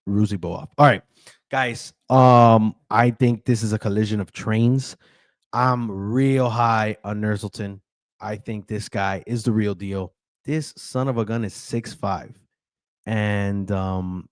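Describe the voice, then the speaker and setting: A man's voice: on the low side, dry recording. A man hosting a casual fight-betting breakdown, talking loosely with frequent ums and stumbling over fighters' names. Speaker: betting analyst host.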